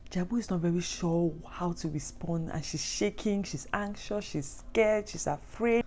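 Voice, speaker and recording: A woman's voice: fairly low pitch, a little slow, hardly any pauses, a little mellow. A woman narrating a true story with dramatic, repetitive emphasis. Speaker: storyteller host.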